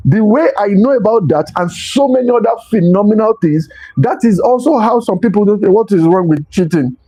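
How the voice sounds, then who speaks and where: A man's voice: high voice, animated, a little fast, dark tone, breathy edge, low-quality recording. A man giving a motivational talk as host, stressing points by repeating them. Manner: emphatic, repeats key phrases.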